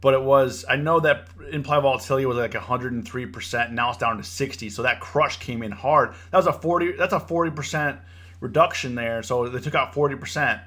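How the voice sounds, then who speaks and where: Animated young man hosting a trading stream. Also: mid-range voice, fairly quick. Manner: animated, preachy, repeats himself, says "bro" and "you know". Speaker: livestream trading host. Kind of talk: casual livestream commentary.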